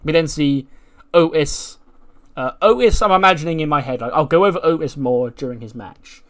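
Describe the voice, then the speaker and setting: A man's voice: a little high, moderate pace. A man casually narrating a wrestling booking game in a rambling style full of fillers. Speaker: let's play host.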